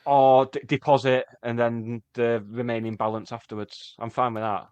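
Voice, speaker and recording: A man co-hosting a podcast, dropping dry, deadpan quips in casual comedic chat. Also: mid-range voice, moderate pace, clear, resonant tone, no room sound, muffled recording. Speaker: podcast co-host.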